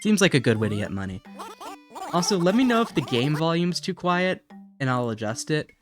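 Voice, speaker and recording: A man's voice: a little high, sing-song, fairly quick. A man giving casual gaming commentary as a streamer, goofy and self-mocking, sometimes slipping into a silly put-on accent. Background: game music.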